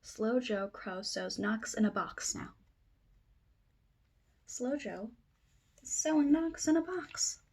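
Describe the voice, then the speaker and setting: A woman reading a children's book aloud at circle time, trying tongue twisters slowly and then fast, with playful asides. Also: fairly high pitch, lively intonation, creaky, darkish tone, husky. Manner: reads tongue twisters slowly, then races through them, comments playfully.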